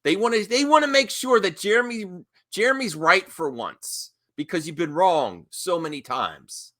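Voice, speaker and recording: A man's voice: high voice, animated, normal speed, sharp tone. A man doing heated reaction commentary, talking back at a video clip in a combative, mocking way.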